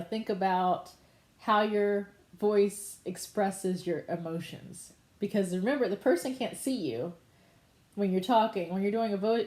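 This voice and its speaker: Mellow-voiced woman teacher, echoey room. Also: medium pitch. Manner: patient, conversational explaining with demonstrations. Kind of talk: online lesson on voiceover delivery.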